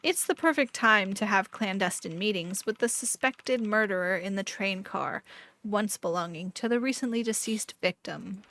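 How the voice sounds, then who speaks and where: A woman streamer narrating an interactive mystery book aloud, playful and animated between passages. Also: medium pitch, normal speed. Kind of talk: dramatic read-aloud narration.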